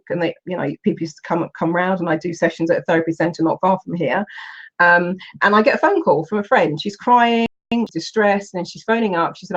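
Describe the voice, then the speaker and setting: A woman, a coach telling stories in an animated way, with exclamations and restarts. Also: lowish voice, highs cut off. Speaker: coach and Huna teacher. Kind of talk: storytelling in a recorded online session.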